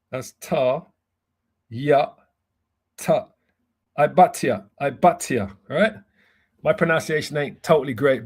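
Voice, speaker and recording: A man's voice: mid-range voice, a little mellow. A man, a bishop giving a Bible lesson, who laughs at himself and stumbles through word pronunciations. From United Kingdom. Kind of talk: Bible teaching.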